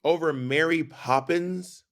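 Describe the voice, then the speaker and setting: Speaking slowly in a voice on the high side, a man co-hosts a casual podcast chat. He offers his opinions freely and animates his stories by doing the voices of the people he quotes.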